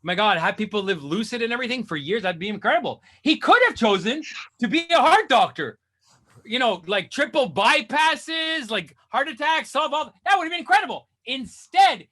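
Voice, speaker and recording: Male stand-up comic: high, bright voice that swings widely, exasperated rants that tip into shouting. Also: expressive, normal speed. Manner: exasperated ranting, bursts into shouts. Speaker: stand-up comedian. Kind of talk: stand-up comedy set.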